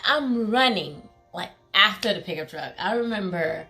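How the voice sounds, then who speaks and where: Bright-voiced woman telling a story. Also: mid-range voice, expressive, normal speed, few pauses, faint music behind. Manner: emphatic, heavy use of "like" and fillers; acts out quoted pleas in a raised voice. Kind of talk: casual storytime vlog.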